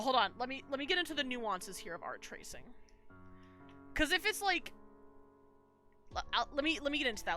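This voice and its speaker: Bright-voiced young woman streaming. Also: high voice. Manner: rambling, with many fillers and restarts. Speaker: streamer and artist. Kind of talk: casual live-stream chat while drawing.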